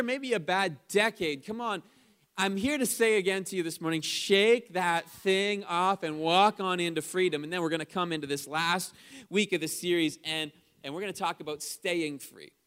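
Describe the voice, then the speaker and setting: A man preaching a sermon in a church service, energetic and chatty, calling out to the congregation between stories. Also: high-pitched, clear, resonant tone. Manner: chatty storytelling asides. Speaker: pastor.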